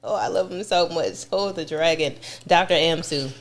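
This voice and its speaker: Effusive woman, lowish voice. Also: moderate pace. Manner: effusive, repeats words for emphasis. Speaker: guest describing her experience. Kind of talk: casual conversation.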